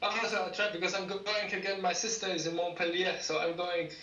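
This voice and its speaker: Polish-accented man, high voice, halting delivery, roomy distant audio. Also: steady tone, pushed and bright, lo-fi sound. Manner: hesitant, halting speech with many fillers and restarts. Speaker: participant. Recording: distant, roomy mic with faint noise.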